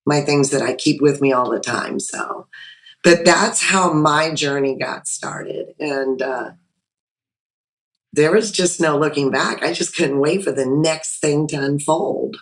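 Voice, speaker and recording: A woman guest on a podcast, chatting over a video call and telling her story in a lively way with frequent restarts. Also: deep voice, slow, poor audio. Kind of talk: personal story told in conversation.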